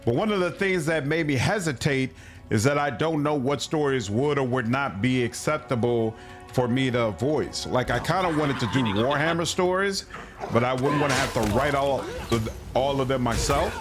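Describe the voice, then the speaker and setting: A man's voice: medium pitch, lively intonation, moderate pace. A man streaming a role-playing game, chatting casually in a laid-back way and reading game text aloud. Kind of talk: casual gaming commentary. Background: faint game music.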